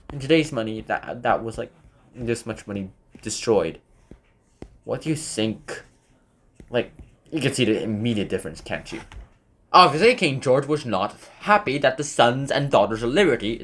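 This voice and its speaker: A man explaining history in a casual, chatty way, often correcting himself mid-sentence and throwing in asides. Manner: chatty, self-correcting, lots of fillers and asides; lively, swooping pitch.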